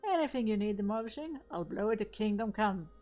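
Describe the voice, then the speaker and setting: A woman's voice: mid-range voice, moderate pace, close to an everyday voice. A woman voicing a haughty, scolding male goblin gunner, with dull audio and game music behind her. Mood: boastful.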